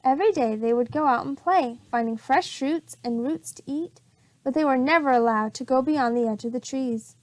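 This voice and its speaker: A preschool teacher, a woman, reading storybooks aloud to young children in a clear, expressive way. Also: sits high, normal speed, dry recording, low-quality recording.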